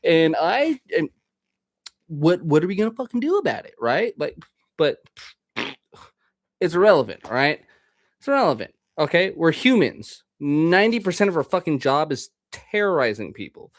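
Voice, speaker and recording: A man's voice: fairly high pitch, very animated, normal speed, no room sound, studio quality. A man, the host of a podcast, delivering a casual, rambling monologue full of swearing. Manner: profane, rambling, ranting.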